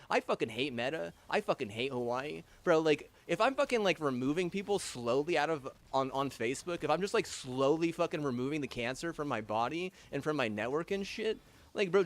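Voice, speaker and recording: A young man with a fairly high voice rants angrily into the camera. He swears in nearly every sentence, circles back over half-finished thoughts and piles on fillers. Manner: angry, heavy swearing, halting restarts and fillers. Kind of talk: profane rambling rant.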